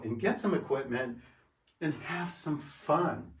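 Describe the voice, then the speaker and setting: A man's voice: on the high side, takes it slowly. A sixty-year-old man, slightly winded, speaks from some distance off the mic in a roomy home space. He drives his points home by repeating them as he shows how things work. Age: 60s. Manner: emphatic, repeats points, demonstrates while talking. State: out of breath. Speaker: fitness vlogger. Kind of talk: casual vlog talk. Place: room at home.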